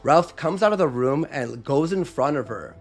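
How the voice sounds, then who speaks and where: A man's voice: a little high, moderate pace, soft background music. A man telling a long story in a casual, profane way, acting out what others said. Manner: profane, animated, acts out quotes. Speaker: podcast host.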